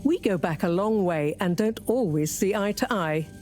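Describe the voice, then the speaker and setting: Actress for a brusque older woman professor in a game, impatient and animated. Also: medium pitch, soft background music, natural voice. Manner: brisk, exasperated.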